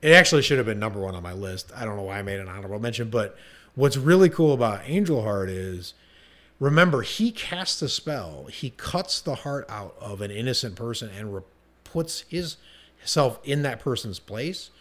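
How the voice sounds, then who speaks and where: A man's voice: medium pitch, expressive, normal speed, fairly bright tone. Male podcast co-host, eager and rambling, mid-range voice. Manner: enthusiastic, rambling with fillers and restarts. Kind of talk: casual podcast chat.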